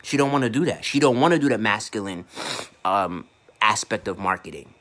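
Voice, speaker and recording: A man's voice: lowish voice, animated, a little fast, a bit bright. A man working as an online marketing coach, ranting casually to camera in a blunt, profane way and tripping over repeated words.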